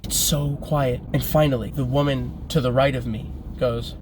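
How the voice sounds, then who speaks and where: A man's voice: mid-range voice, steady tone, moderate pace, heavy background noise. A man telling a casual story-time anecdote in a chatty way, laughing as he goes. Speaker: vlogger.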